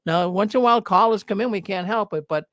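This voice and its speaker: A man's voice: sits high, fast, fairly bright tone, no room sound, studio quality. A man hosting a call-in show, talking in a folksy way and often repeating his words. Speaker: host.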